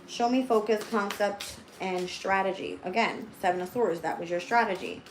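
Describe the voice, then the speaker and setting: A woman's voice: mid-range voice, moderate pace, few pauses, reverberant, a little hiss or hum, low-quality recording. Blunt, foul-mouthed woman tarot reader. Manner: blunt and heavily profane; thinks aloud, talking straight to viewers. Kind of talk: livestream tarot reading.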